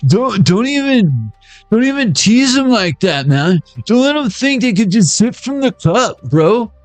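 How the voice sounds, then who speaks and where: Guy playing a bossy dude nagging about coffee rations, high and squawky, naggy, dry room. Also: very animated, measured pace, dry recording, faint music behind. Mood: scolding. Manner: scolding, bickering.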